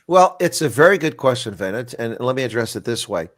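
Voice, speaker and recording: A man's voice: mid-range voice, big pitch swings, a bit bright, no echo, studio quality. A man, a retired colonel and intelligence analyst, making blunt, emphatic arguments in a frank political discussion over a video call. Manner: blunt, emphatic, rapid-fire arguing.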